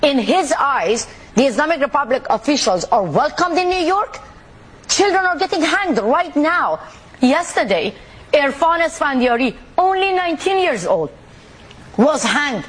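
Indignant high-voiced woman from the Middle East. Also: big pitch swings, unhurried. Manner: indignant, forceful, pointed. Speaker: activist guest. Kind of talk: televised interview.

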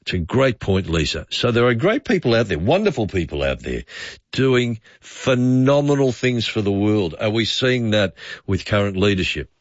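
A man's voice: lowish voice, very animated, normal speed, no echo. A man hosting overnight talkback radio, chatty and rambling as he muses aloud to callers. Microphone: studio microphone. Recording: dull dry studio sound.

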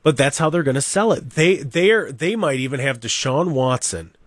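A man hosting a sports talk radio show, talking in an animated, rambling, opinionated way and mocking the people he talks about. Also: mid-range voice, moderate pace, no echo, clean studio sound. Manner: animated, rambling, mocking, with mimicked crowd voices. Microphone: studio microphone.

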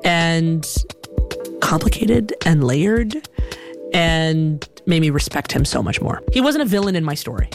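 Animated woman telling a personal story. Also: deep voice, measured pace. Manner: animated, reflective, uses many "like" fillers. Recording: music playing behind.

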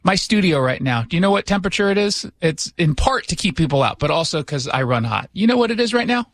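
Sarcastic high-voiced male radio host. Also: animated, fast talker. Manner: sarcastic, joking asides. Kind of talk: casual opinion talk. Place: radio studio.

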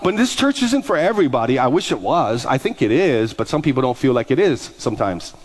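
Male pastor telling stories in a sermon, chatty and animated, mid-pitched voice, does the voices. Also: fairly quick, slight background noise. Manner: animated, conversational, acts out voices. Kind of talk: storytelling sermon.

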